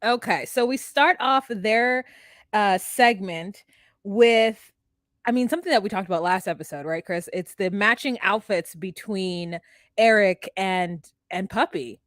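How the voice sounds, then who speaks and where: A woman co-hosts a recap podcast, rambling and hesitant as she retells scenes with giggles. Her pitch sits in the middle. The mic is close and the sound is dry. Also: measured pace, a bit bright, no echo. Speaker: podcast co-host. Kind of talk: casual recap chat.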